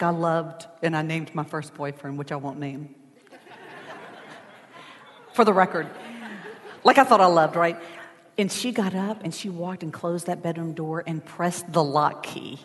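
A woman's voice: deep voice, fairly even intonation, unhurried, long pauses, slight background noise. A woman telling a personal story in a sermon in a chatty, emotional way, with asides to the congregation. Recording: long church hall reverb.

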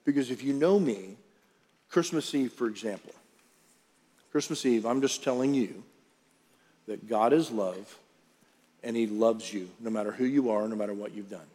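A man preaches a sermon as pastor in a large church auditorium, speaking conversationally and asking the room questions. His voice is mid-range and mellow, normal in speed with frequent pauses, recorded in an echoing hall with faint music.

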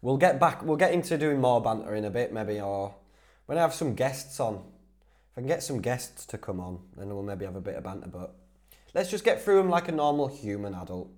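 This podcast host, a young Whitby man with a North Yorkshire accent, has a medium-pitched, darkish voice that moves expressively and fairly quickly. Fielding listener questions on his own, he's casual and laddish, quick to laugh and prone to starting sentences over.

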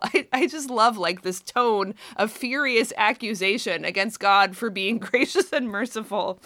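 A woman's voice: fairly high pitch, unhurried, few pauses, sharp tone, dry recording, clean studio sound. A young woman in casual conversation, animatedly retelling a story, laughing often and acting out the quotes. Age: young adult. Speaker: co-host. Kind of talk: casual chat about scripture.

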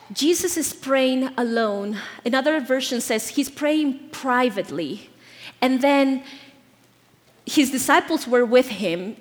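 A young woman from Bolivia, preaching a lively storytelling sermon with playful asides to the congregation. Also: sits high, in a large hall. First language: Spanish. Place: church.

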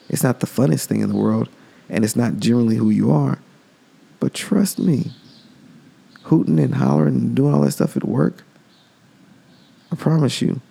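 A man's voice: mid-range voice, vocal fry, warm tone, husky. A man hosting a podcast, talking in a loose, rambling casual monologue. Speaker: podcast host.

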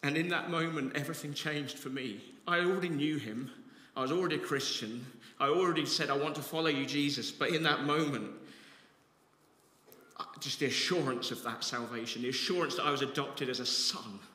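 A man's voice: on the high side, brisk, bright, forceful tone. A man preaching a sermon as pastor, earnest and reflective, rising to passionate emphasis. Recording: echoey hall with long reverb.

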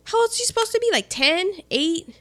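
Lively high-voiced woman chatting. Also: brisk, crowd noise. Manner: animated, acts out scenes in voices. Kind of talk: casual chat recapping a film.

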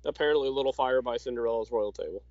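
A man co-hosting a casual chat, easygoing and halting, with a dry sarcastic streak. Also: medium pitch, a little mellow, no room sound, lo-fi sound. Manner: easygoing, many fillers and restarts, dry sarcasm. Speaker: podcast co-host.

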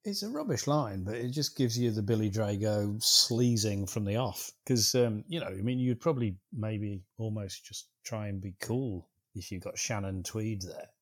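A man's voice: on the low side, normal speed, hardly any pauses. A man co-hosting a film podcast, trading wry, laid-back banter with his co-host. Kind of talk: casual chat.

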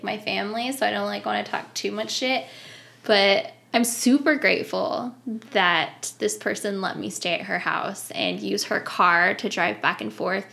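A woman in her thirties telling a story in casual chat, animated, laughing and swearing often. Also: mid-range voice, gravelly. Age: 30s.

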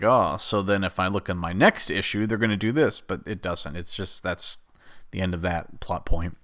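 A man's voice: lowish voice, fairly bright tone. A man casually recapping a film, rambling and exasperated and laughing at the plot. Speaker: show host recapping a film.

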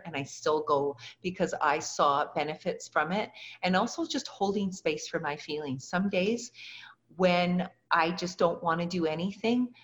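An earnest woman is the guest in an interview, telling her own story and slipping into the voices of the people she quotes. Her voice sits on the low side. The recording sounds dull and lo-fi. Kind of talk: personal storytelling in conversation.

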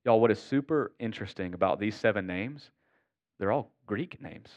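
Earnest sounding pastor preaching. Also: male voice, on the low side, expressive, normal speed. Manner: earnest, conversational preaching with repeated "y'all". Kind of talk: sermon.

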